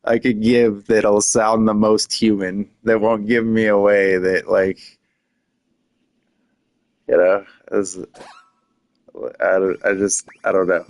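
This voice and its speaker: Gravelly rambling man streaming. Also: on the low side, little pitch movement, takes it slowly, long pauses, dry recording. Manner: rambling, laughing, filler-heavy. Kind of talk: casual live-stream chat.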